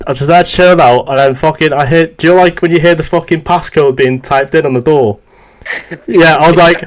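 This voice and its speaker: A man's voice: fairly high pitch, a little fast. A young British man co-hosting a podcast, telling barracks stories in a casual way, swearing, laughing and calling people mate. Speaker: podcast co-host. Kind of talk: casual storytelling chat.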